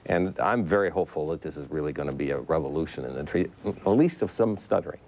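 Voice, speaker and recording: A man with a deep, gravelly voice speaks as a doctor reporting in a news interview. He talks in a measured way with occasional fillers. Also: lively intonation, a little mellow.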